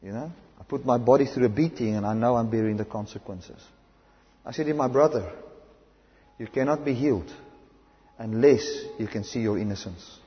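A man's voice: mid-range voice, moderate pace. Male South African preacher, fervent sermon, muffled lo-fi sound, echoing hall. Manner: impassioned, swings between loud emphatic and hushed delivery. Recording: dull lo-fi recording in a reverberant hall.

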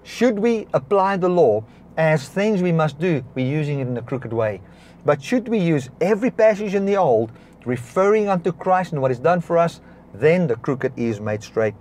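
A man preaching a sermon, stopping now and then to correct himself and clear his throat. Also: a little high, lively intonation, normal speed, slight background noise. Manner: preaching with swings between soft and raised passages. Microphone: device recording a broadcast, battery powered.

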